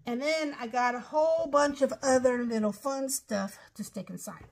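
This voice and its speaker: Middle-aged woman, slightly high voice, rambling craft walkthrough at home, keeps apologizing. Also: moderate pace. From Ohio, USA. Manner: chatty, rambling, apologetic asides. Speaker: craft vlogger. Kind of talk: casual show-and-tell craft walkthrough.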